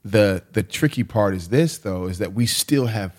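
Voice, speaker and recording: A man from the United States with a somewhat low voice talks in a loose, conversational way. He tells stories with emphasis and plenty of casual slang. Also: normal speed. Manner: animated storyteller, slangy and emphatic. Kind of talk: casual chat.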